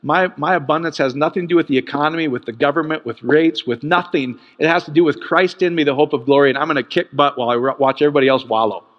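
A man preaching a sermon in an animated way, jumping from loud bursts to quiet asides. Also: quick pace, hardly any pauses, long reverb tail, dull audio. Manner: animated, swings from loud peaks to low asides.

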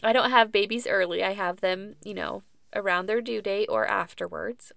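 A woman's voice: mid-range voice, fairly even intonation, normal speed, creaky, a bit bright, dry recording, studio quality. A woman in her thirties, a podcast guest, chatting casually about her birth story with plenty of fillers and laughs.

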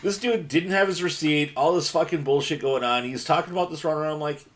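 A man co-hosting a casual podcast chat over a remote call, telling a story in a profane, animated way. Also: a little high, fast. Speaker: podcast co-host. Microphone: remote video call.

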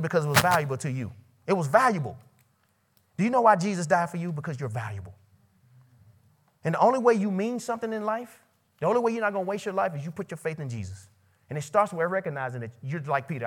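A man preaches a sermon at a college ministry meeting. He questions the audience directly and swings from loud, soaring lines to quiet, low ones. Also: sing-song, fast, long pauses. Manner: preaching with sudden loud rises and quiet drops. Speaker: pastor.

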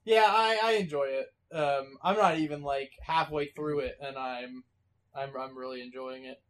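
A young man in casual chat, expressive and laughing a lot. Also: mid-range voice, moderate pace.

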